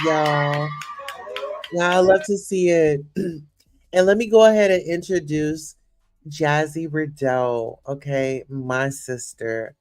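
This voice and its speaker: Slow, effusive woman hosting a livestream. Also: sits low. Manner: effusive, hypes up a friend, frequent "you know" and "listen here". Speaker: host. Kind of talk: casual livestream chat.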